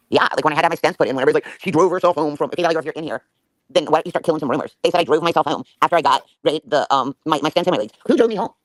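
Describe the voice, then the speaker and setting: A woman's voice: low-pitched, no echo. A woman talking as a guest on a livestream, emotional and swearing freely in heated conversation. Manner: rapid, profane and emotional.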